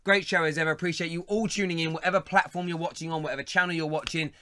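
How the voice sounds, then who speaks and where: A man hosting a casual football fan phone-in, joking and teasing in playful loud bursts. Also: on the high side, steady tone, rapid-fire, clear, resonant tone, dry recording. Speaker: host.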